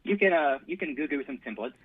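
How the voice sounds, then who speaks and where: A male caller on a radio show, brisk and matter-of-fact in a phone-in chat. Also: a little high, expressive, no room sound. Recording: tinny phone line.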